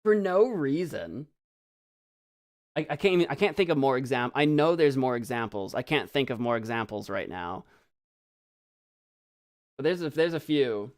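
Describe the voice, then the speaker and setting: A man's voice: mid-range voice, animated, moderate pace, long pauses. An American man chatting casually on a live stream, rambling and giggling as he reads viewer comments aloud.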